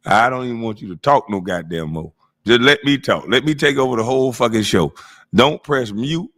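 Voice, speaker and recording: A man at a middle pitch rants over a clip he is watching. He swears constantly, mocks the person on screen and breaks into laughter, in loose live-stream commentary. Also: expressive, a little fast, a bit bright. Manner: mocking, laughing, swears heavily.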